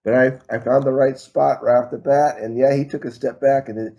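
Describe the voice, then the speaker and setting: Mellow-voiced man telling a rambling story. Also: medium pitch, steady tone, brisk, vocal fry, highs cut off. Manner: rambling, many fillers and restarts, self-deprecating humor. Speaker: martial arts instructor guest. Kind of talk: storytelling in an interview.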